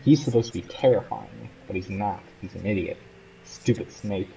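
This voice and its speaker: A man's voice: on the low side, moderate pace, creaky, mellow, a little hiss or hum, rough recording. A man giving casual, joking commentary while playing through a game. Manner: joking, chatty, playful asides. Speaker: gamer. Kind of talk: casual let's play commentary.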